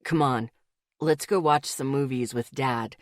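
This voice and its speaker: Audiobook: woman voicing a protective young boyfriend, hushed and earnest, deeper than her own voice. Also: a little slow, no echo, studio quality. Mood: teasing. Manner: low, soft and intimate, often murmured. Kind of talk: audiobook character voice.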